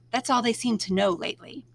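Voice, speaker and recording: A woman reading aloud, voicing a blunt, confiding woman teacher who talks wryly and briskly. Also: a little high, creaky, a bit bright.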